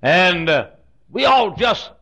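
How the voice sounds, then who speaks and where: A man with a Southern US accent preaching a humorous sermon, telling a story with joking asides and frequent throat clearing. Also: high voice, big pitch swings, slow pace, pushed and bright. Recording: dull lo-fi sound.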